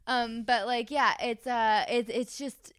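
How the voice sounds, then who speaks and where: A woman's voice: a little high, steady tone, a little slow, clean tone, dry recording, clean studio sound. A woman hosting a podcast in casual chat, supportive and reassuring, with lots of "like" fillers. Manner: supportive, chatty, frequent "like". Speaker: podcast host.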